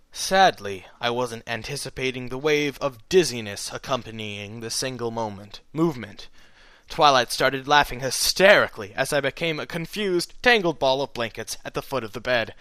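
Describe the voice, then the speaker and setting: A man reading fan fiction aloud at a middle pitch, his narration steady and plain. The sound is close and dry, with no room around the voice. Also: moderate pace, smooth, no echo. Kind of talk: reading a story aloud in first person.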